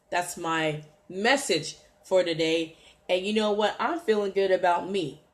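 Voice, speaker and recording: A woman hosting a motivational livestream, exhorting her viewers and greeting them by name as she preaches. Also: lowish voice. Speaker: livestream host.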